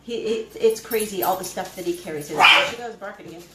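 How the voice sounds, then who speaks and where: Brief: woman homestead host, chatty and rambling while cooking, mid-pitched, roomy kitchen sound. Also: quick pace, heavy background noise. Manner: chatty and rambling, greets viewers by name. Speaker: homesteading live-stream host. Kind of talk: casual live-stream chat while cooking. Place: home kitchen. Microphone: camera she moves around the kitchen.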